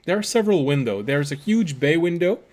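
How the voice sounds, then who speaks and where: A man narrating a tabletop game as game master, unhurried and pausing often. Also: on the high side, animated, darkish tone. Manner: unhurried narration with fillers and restarts.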